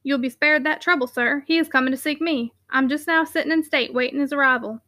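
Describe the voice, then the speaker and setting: A reserved, clipped mill owner, as a woman reads him, sparing with every word. The voice is her own high, bright tone. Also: a little fast, no room sound, studio quality. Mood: curt. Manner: curt, clipped replies.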